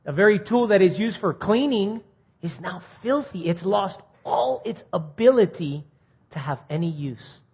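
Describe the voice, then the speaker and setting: A man giving an informal, earnest sermon to a men's group, swinging from quiet reflection to pointed, animated emphasis. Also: a little slow, vocal fry, husky. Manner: earnest, rising to indignant mimicry, then dropping quiet. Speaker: speaker at a men's ministry meeting. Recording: muffled low-fidelity recording.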